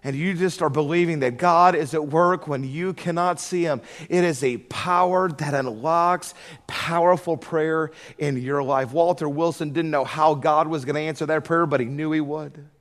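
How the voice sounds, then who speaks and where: A man's voice: a little high, steady tone, moderate pace. A middle-aged man preaching a sermon, telling a folksy story and rising to fervent emphasis on prayer. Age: middle-aged or older.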